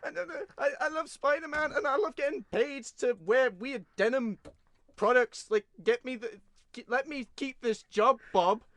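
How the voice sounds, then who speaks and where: A man's voice: extremely high pitch, unhurried, a bit bright, no echo, studio quality, pitched above the performer's own voice. A man doing an impression of an eager, whiny young male actor, pleading in a breathless gush.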